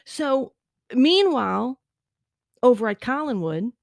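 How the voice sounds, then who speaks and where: A woman's voice: fairly high pitch, very animated, slow pace, creaky, dry recording, studio quality. A married woman co-hosting a casual chat about a TV show, chatty and often laughing as she retells scenes. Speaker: podcast co-host.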